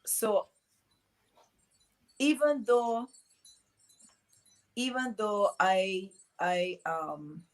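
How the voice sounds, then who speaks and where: A middle-aged woman from East London with a mixed Barbadian and London accent, telling her story as an interview guest, animated and acting out quotes. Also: medium pitch, drawn-out words, long pauses. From East London, England. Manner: animated, acts out quotes, many fillers.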